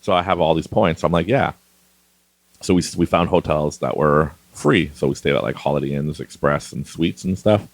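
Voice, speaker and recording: A man's voice: very deep voice, normal speed, dry recording. A middle-aged man from Canada hosting a podcast, rambling casually and laughing often as he talks. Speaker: podcast host. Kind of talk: casual monologue.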